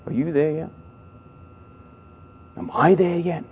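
A man's voice: a little high, takes it slowly, darkish tone, slightly rough. A middle-aged man preaching to young people in a playful, emphatic way, joking with his listeners. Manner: playful, jokes with the audience, emphatic build-ups. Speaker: speaker at a youth gathering.

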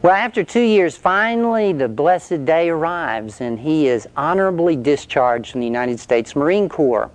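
A man's voice: a little high, animated, moderate pace, few pauses, dry recording. A male preacher telling an illustration story in a conversational sermon, then leading a prayer.

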